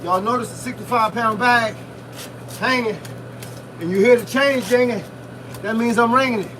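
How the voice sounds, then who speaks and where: Male boxing coach, high voice, blunt pep talk mid-workout, distant phone mic, wind noise. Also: normal speed. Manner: loud, punchy motivational talk with shouted breaths. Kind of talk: live-streamed workout talk. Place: outdoors in freezing wind. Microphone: phone camera set at a distance.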